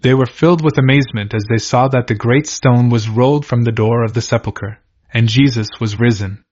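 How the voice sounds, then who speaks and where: A man's voice: medium pitch, brisk, darkish tone. Man reading a religious book steadily. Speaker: audiobook narrator. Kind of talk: scripted narration of a religious book. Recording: dull lo-fi recording.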